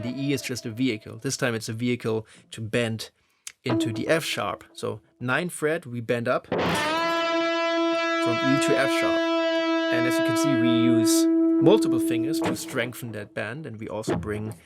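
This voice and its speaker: A man teaching lead guitar phrasing, explaining in a relaxed, conversational way. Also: medium pitch. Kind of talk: instructional explanation. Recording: loud guitar playing behind voice. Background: electric guitar playing.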